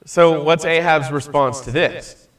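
A man leads a Bible study class in an easy, conversational way, his voice a touch higher than usual. He keeps asking questions and tags his points with "right?". The sound comes from some distance away from the microphone. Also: steady tone, unhurried, fairly bright tone. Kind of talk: casual classroom teaching.

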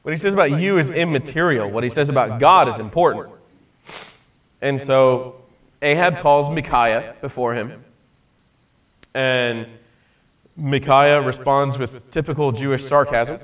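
A man's voice: mid-range voice, unhurried, pauses often, fairly bright tone, recorded from a distance. A man teaching a Bible study class in a casual, conversational way, often checking in with "right?" and asking his students questions.

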